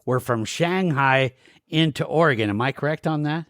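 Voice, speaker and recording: A man's voice: fairly high pitch, moderate pace, fairly bright tone, no room sound. Dry-sounding man hosting a podcast. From western Montana. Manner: friendly, repeats words as he restarts questions. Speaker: podcast host. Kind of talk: casual interview chat.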